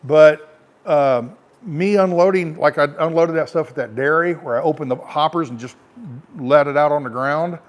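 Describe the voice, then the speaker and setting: A man's voice: on the high side, moderate pace, lo-fi sound. A middle-aged American man, a truck driver, telling a rambling, frank story to camera in a casual way.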